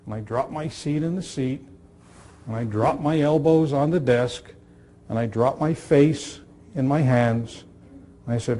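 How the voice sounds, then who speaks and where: A man in his sixties giving a storytelling talk on listening skills, using dramatic pauses, repetition and dry humor. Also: medium pitch, dark tone. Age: 60s. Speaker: speaker on communication skills. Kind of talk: storytelling talk to a live audience.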